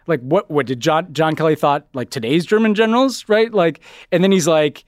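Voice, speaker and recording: A man co-hosting a political podcast in casual chat, rambling, saying "like" a lot and trailing off quieter at the ends of his thoughts. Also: fairly high pitch, lively intonation, moderate pace, hardly any pauses, dry recording, clean studio sound. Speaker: podcast co-host.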